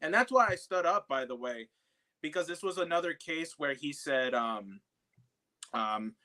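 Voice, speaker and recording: Bright-voiced man telling a story. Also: a little high, animated, a little slow. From South Bronx, New York. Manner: storytelling with many fillers and restarts. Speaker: guest, activist who confronted a congressman. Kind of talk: casual podcast chat.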